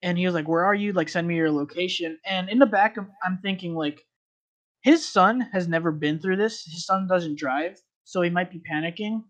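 A man's voice: sits high, normal speed, a bit bright. Man, casual podcast chat, rambling storyteller, lots of ums and likes. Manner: rambling, filler-heavy storytelling.

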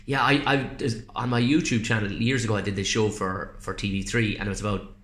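An Irish man chatting casually as a podcast guest, swearing freely and telling animated stories before a gig. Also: lowish voice, fairly quick. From Ireland. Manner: swears a lot, animated storytelling. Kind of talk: casual chat. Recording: roomy echo.

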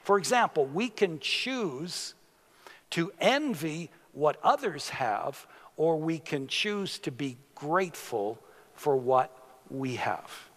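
A male pastor preaches at a slow, deliberate pace, his voice sitting a little higher than most men's. He builds to sudden emphatic rises now and then. The sound carries a long reverb, as if heard in a church hall. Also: very animated, fairly bright tone. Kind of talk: sermon.

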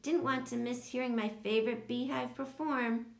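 A woman's voice: a little high, fairly even intonation, normal speed, gravelly, echoey room, voice pushed up. A woman voicing a jolly male school principal who makes jokes to children and parents. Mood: jovial.

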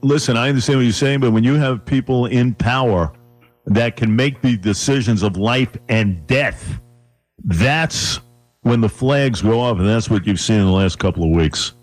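A man's voice: medium pitch, moderate pace. A man hosting a radio talk show, pushing back on his guest with repeated "come on" and "listen", over a faint music bed.

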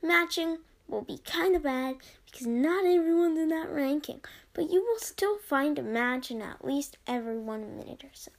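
A woman's voice: sits high, expressive, moderate pace. A young woman hosting a casual solo podcast, reading out listener reviews in a rambling, giggly way with plenty of ums. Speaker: podcast host.

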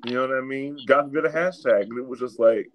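A young man on a casual podcast chat, telling stories with lively acted-out quotes. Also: mid-range voice, fast talker, dull audio, over a noisy crowd. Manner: animated storytelling, acts out the people he quotes. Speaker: podcast co-host.

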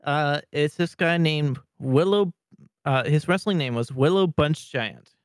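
A young man from Saskatchewan in Canada hosting a casual podcast chat, halting and full of fillers, often laughing. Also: on the high side, clean tone, no echo, clean studio sound. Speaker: podcast host. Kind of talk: casual podcast chat over video call.

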